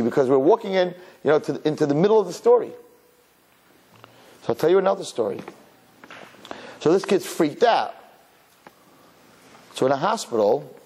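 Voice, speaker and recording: Animated, husky-voiced rabbi preaching. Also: male voice, medium pitch. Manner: animated storyteller who acts out his characters. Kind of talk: sermon.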